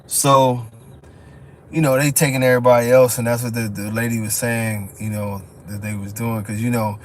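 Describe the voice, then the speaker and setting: A man, telling a story in casual live-stream chat, profane and quick to laugh. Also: mid-range voice, little pitch movement. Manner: loose, profane, laughs often, lots of "you know what I'm saying". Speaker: dog show judge and breeder telling stories.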